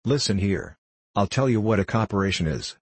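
A man's voice: fairly low pitch, animated, a little fast, breathy edge, no echo. A man voicing a queer, folksy old male hatter in a storybook reading. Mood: indignant. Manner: folksy, says ain't.

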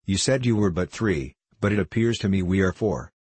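A man's voice: deep voice, brisk, a little mellow, breathy edge, dry recording. A man voicing an eager, proud young swordsman in an audiobook reading. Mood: earnest.

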